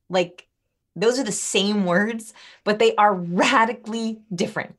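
Appearing on a podcast, a woman talks about body language in a mid-range voice at a measured pace. She is lively throughout, performing various vocal tones as demonstrations during the interview.

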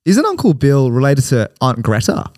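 A man's voice: medium pitch, moderate pace, no room sound, studio quality. A man with an Australian accent co-hosting a casual podcast, teasing and laughing a lot during a word game. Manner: laughing often, teasing, lively. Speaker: podcast co-host. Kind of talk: casual banter while playing a word game.

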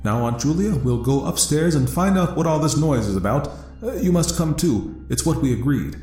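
A man's voice: fairly high pitch, expressive, moderate pace, mellow, echoey room, faint music behind, pitched above the performer's own voice, lightly acted. A man voicing a determined nephew who speaks firmly. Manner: determined, firm.

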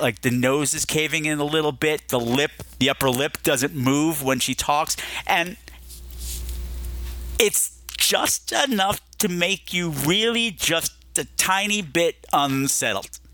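A man's voice: fairly high pitch, expressive, slow, bright, forceful tone. A man hosting a podcast, giving chatty, emphatic and digressive commentary on a film. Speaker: podcast host.

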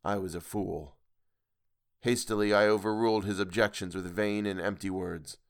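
A man narrating a horror story in a measured, grave storytelling manner. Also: fairly low pitch, fairly even intonation, smooth.

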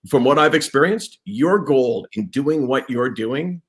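A man's voice: mid-range voice, expressive, measured pace. A man interviewing a guest, speaking in an earnest, emphatic, explanatory way. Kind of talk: conversational interview.

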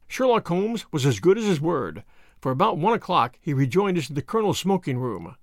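A man narrating a detective story in an animated, dramatic reading. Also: a little high, fairly quick, no room sound, clean studio sound. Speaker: audiobook narrator.

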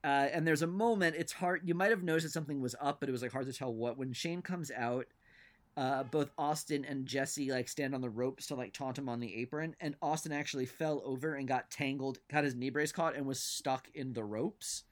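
A man's voice: mid-range voice, brisk. A man co-hosting a casual podcast, telling stories in a rambling, hesitant way. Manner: rambling, hesitant, lots of fillers and asides. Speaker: podcast co-host.

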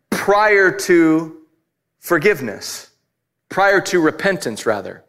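A man's voice: on the high side, very animated, takes it slowly, fairly bright tone. A married man preaching a sermon, telling a personal story candidly and building to emphatic points. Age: adult, married. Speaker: pastor.

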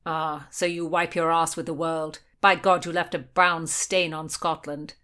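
An eager, hot-blooded young squire from a storybook, who speaks with emphasis and a little lift, as a woman reads him. The voice is low-pitched for her. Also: animated, moderate pace, fairly bright tone.

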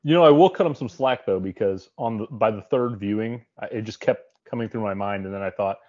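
Low-voiced man asking questions. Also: brisk, darkish tone, highs cut off. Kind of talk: casual movie-review chat.

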